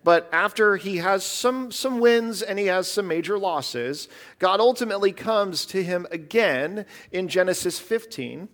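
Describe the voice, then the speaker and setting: A man's voice: high voice, measured pace, fairly bright tone. A man pastor giving an earnest, conversational sermon in a church. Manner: earnest, conversational preaching with fillers.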